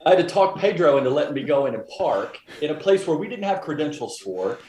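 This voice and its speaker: Lively man telling a story, roomy echo. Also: a little high, fast talker, a little hiss or hum. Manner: animated storyteller, defending himself. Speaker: podcast co-host. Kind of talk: casual chat.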